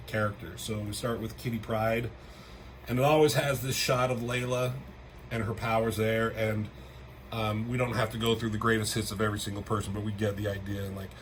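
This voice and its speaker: A man's voice: medium pitch, a bit bright, a little hiss or hum, rough recording. A young man casually reviewing a comic book, chatty, swearing freely and jumping his voice up to act out character lines. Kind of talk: casual chat.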